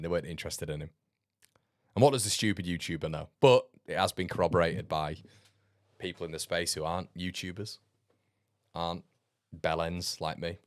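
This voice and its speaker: A man's voice: sits low, no echo, clean studio sound. A man hosting a casual football livestream, reading viewer comments with blunt, sarcastic remarks and frequent laughs. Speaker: football fan channel host.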